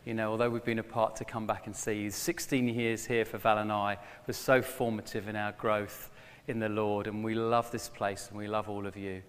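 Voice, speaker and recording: A middle-aged man preaching a sermon to his former church, telling a story with lively bursts when he plays a character. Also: lowish voice, moderate pace, clean tone. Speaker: former pastor, guest preacher. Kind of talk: sermon with a joke. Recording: long hall reverb.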